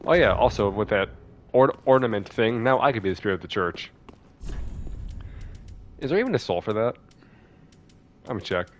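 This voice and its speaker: A man's voice: medium pitch, lively intonation, fairly quick, pauses often. A man giving casual commentary as he plays a video game, chatty and thinking aloud as he reacts to the game. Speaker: let's play host.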